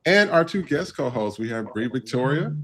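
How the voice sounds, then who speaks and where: A man's voice: medium pitch, sing-song, moderate pace. A man hosting a live podcast panel, talking casually and loosely with many fillers. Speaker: podcast host. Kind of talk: casual live-stream chat.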